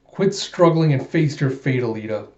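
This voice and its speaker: A man voicing a vengeful male cyborg villain in a low, menacing growl, in a comic read-aloud. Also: animated, normal speed, darkish tone, echoey room, dull audio, natural voice.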